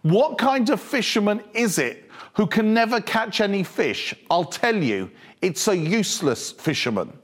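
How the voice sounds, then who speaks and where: Male preacher, lively and animated, higher voice, humorous sermon delivery. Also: a little slow.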